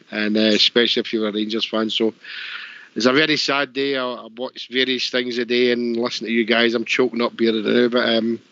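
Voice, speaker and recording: A Scottish man on a call-in show telling a story, halting and emotional. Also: mid-range voice, bright, forceful tone, dry recording. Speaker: show presenter. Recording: dry dull lo-fi stream audio.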